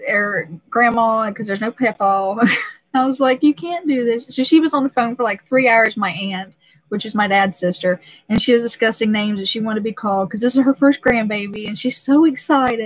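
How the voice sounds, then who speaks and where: A woman's voice: fairly high pitch, brisk, dry recording, low-quality recording. A young pregnant woman hosting a casual live stream, talking emotionally and laughing often, with many restarts.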